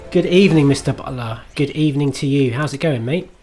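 A man's voice: medium pitch, fairly quick, dark tone, soft background music. A man streaming himself playing a game, chatting to viewers in a self-mocking way, swearing and laughing at his own mistakes. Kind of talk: live gameplay commentary.

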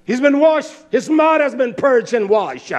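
A man preaching a fiery scripture sermon, confrontational, firing rhetorical questions and swinging between loud outbursts and low muttering. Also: lively intonation, unhurried.

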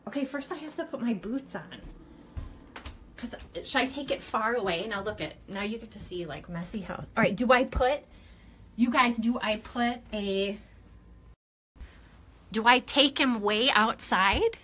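A frightened, shaky woman vlogs live from her home kitchen, exclaiming to viewers in a panic. Her voice is on the high side and sharp in tone, and she speaks a little slowly with long pauses.

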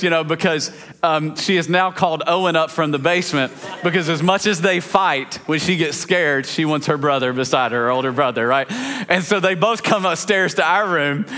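Casual storytelling pastor, fairly high voice. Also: male voice. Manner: casual, chatty, many fillers and restarts; lively storyteller, laughs along. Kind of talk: storytelling sermon.

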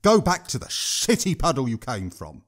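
A man reading an audiobook, voicing a sharp-tongued, bitter old woman in a shrill, indignant manner. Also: wildly swooping pitch, normal speed. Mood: indignant, angry.

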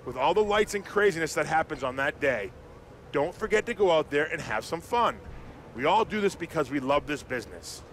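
An encouraging veteran wrestler. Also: male voice, fairly high pitch, expressive, a little fast, a bit bright, slight background noise. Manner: encouraging, fatherly advice. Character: veteran male wrestler mentoring a rookie. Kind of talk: video game cutscene dialogue.

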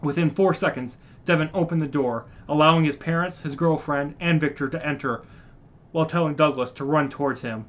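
A man narrates his own space adventure story, reading haltingly and fixing his slips as he goes. His voice sits a little high, and the recording is dull and lo-fi. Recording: muffled lo-fi recording.

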